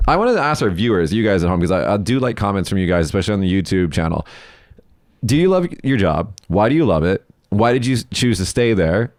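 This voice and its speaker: A man co-hosting a podcast, telling stories in a casual, animated and profane way. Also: lowish voice, no room sound, clean studio sound. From United States. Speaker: podcast co-host.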